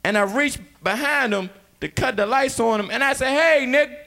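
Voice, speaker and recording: A young man doing a loud, rowdy stand-up comedy set, laughing between punchlines. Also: extremely high pitch, moderate pace, creaky.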